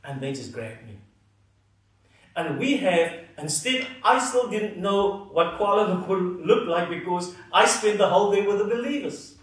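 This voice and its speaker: A man preaching a sermon, earnest and emphatic, letting his phrases fall soft at the ends. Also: high-pitched, animated, unhurried. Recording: echoey hall, mic at a distance.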